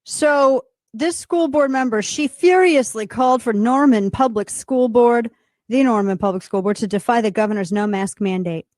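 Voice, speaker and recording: A woman hosting a radio talk show, giving mocking, animated political commentary with quick asides. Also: fairly high pitch, dry recording, clean studio sound.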